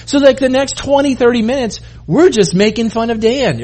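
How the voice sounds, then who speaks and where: A man's voice: very high-pitched, animated, brisk, hardly any pauses. A middle-aged man preaching a sermon in a conversational way, often restarting and acting out the people he quotes. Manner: conversational, self-interrupting, acts out quoted voices. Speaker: pastor.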